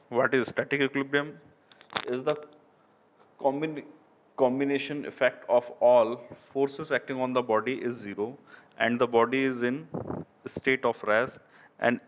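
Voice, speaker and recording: A man with an Indian English accent giving an online engineering lecture, halting and repeating phrases, often saying "okay". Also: medium pitch, fairly bright tone, a little hiss or hum. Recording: dull lo-fi recording.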